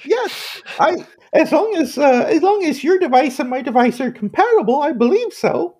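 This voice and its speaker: A woman's voice: sits high, sing-song, normal speed, darkish tone. A woman acting as game master, narrating and voicing shopkeepers in a tabletop game.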